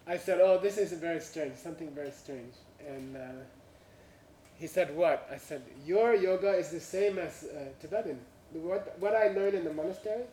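Speaking non-native English, a man tells an anecdote to an audience, chuckling through his punchlines and often saying "you know" and "uh." His voice is fairly high and warm. The sound is roomy and distant, with slight background noise.

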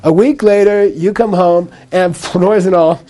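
Mellow-voiced man teaching a class. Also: sits high, fairly even intonation, a little slow. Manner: repetitive, checks in with "okay?" after each point; patient explaining with a light laugh. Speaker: Buddhist teacher. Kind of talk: live lecture to a class.

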